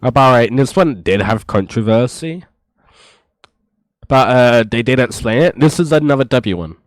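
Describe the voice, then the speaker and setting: A man giving casual reaction commentary in a rambling, exasperated way on a low-quality mic. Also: animated, normal speed, no room sound. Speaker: reaction streamer.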